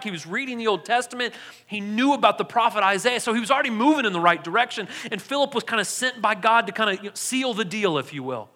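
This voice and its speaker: A man preaching a sermon in a casual, animated storytelling way. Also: high voice. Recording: long hall reverb.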